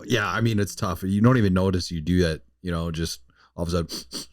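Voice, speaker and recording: Young male co-host with a cold, low register, loose and profane. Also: fairly quick, no room sound. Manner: rambling, profane, searches for words. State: has a cold. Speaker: podcast co-host. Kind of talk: casual chat.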